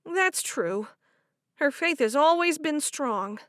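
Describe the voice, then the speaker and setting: Brief: grieving young woman, read by a female narrator, high, strained, animated, dry booth. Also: slow, dry recording, full character voice. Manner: high and loud, choked with distress. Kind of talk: audiobook character voice.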